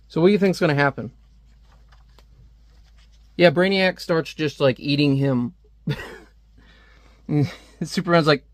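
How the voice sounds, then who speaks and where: A man's voice: a little high, unhurried, long pauses, dry recording. A man giving a casual, wry comic book review with a conversational manner.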